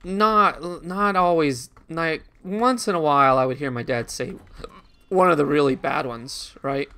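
This gaming channel host speaks at a measured pace in a fairly high, bright voice that's forceful, clear, and resonant. He tells a rambling, reflective childhood story in casual conversation, with many restarts and asides to the video game he's playing.

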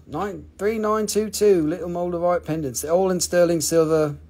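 A man's voice: sits high, steady tone, moderate pace, a little mellow. A man hosting a live crystal sale, joking and swearing casually in loose, offhand phrasing. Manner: joking, profane, loose non-native phrasing.

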